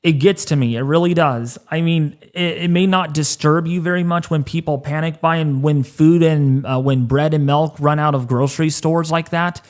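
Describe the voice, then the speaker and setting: A man in his thirties hosting a weather livestream, choked up and halting, repeating words as he talks. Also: a little high. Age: 30s. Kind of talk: emotional livestream talk.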